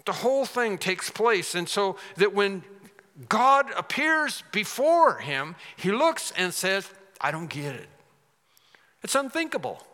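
A man's voice: high voice, big pitch swings, a little slow, bright, forceful tone. A man preaching a sermon, speaking emphatically and repeating phrases for effect. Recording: long hall reverb.

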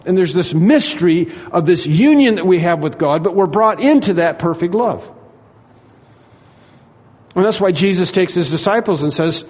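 A man's voice: fairly high pitch, expressive, moderate pace, darkish tone, big-room sound. A man preaching a sermon in an earnest, repetitive way, acting out the dialogue he tells.

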